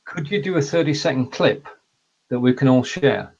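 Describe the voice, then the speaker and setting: A man hosting a live online show, briskly reading out viewer comments and steering the chat. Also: mid-range voice, animated, darkish tone, muffled recording. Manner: reads out viewer comments, quick and upbeat. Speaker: show host.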